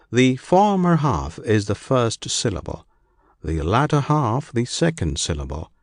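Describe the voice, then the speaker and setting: A man reading an old scripture aloud as an audiobook narrator, in a measured, solemn recitation. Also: medium pitch, no room sound, studio quality.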